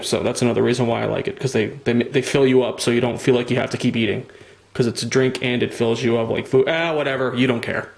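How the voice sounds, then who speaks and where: A man's voice: mid-range voice, poor audio. A young man rambling casually at home in a vlog, swearing freely and mocking himself. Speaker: vlogger.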